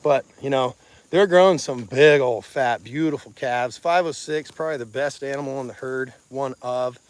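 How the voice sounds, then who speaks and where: A man at medium pitch, smooth and moderately paced with no room sound, speaks in a Missouri Ozarks accent. He's a rancher doing a casual outdoor phone livestream from his pasture, selfie stick in hand, talking plainly and chattily with viewers.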